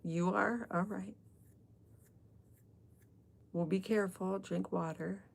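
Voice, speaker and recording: A woman's voice: mid-range voice, fairly even intonation, slow, creaky. A middle-aged woman hosting a live book club stream, chatting casually with viewers and answering their comments as she drifts between topics. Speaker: livestream book club host.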